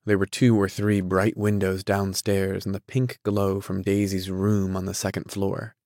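An audiobook narrator reads a novel aloud, his scripted literary narration measured and even. His voice sits low, and the clean studio sound has no room tone.

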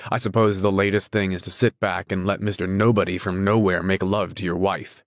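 A man's voice: low-pitched, flat delivery, a little fast, no room sound, studio quality. A man voicing an arrogant wealthy husband who speaks in an incredulous, insulting, snapping way. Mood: scornful.

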